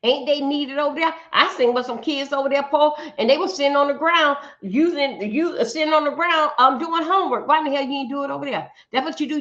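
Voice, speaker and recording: A woman's voice: on the high side, a bit bright, lo-fi sound. A woman hosting a livestream, giving blunt, profane ranting commentary and often stumbling over repeated words. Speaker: livestream host.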